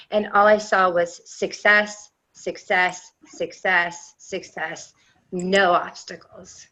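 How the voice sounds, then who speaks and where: A middle-aged woman with a bright, forceful voice tells a rambling, enthusiastic personal story at a round-table discussion. The audio is dull and lo-fi, like an online call. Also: medium pitch, level tone, slow pace. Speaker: panel guest.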